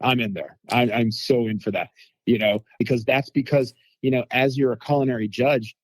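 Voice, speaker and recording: Man, casual interview guest, animated anecdotes, medium pitch, dry close recording. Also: moderate pace, dry recording. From United States. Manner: animated anecdotes with quoted voices. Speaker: food critic guest.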